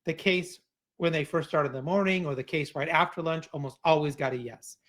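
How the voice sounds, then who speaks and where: A man's voice: on the high side, fairly quick, fairly bright tone. A man giving a keynote talk in a conversational way, often restarting phrases and adding asides. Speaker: keynote speaker.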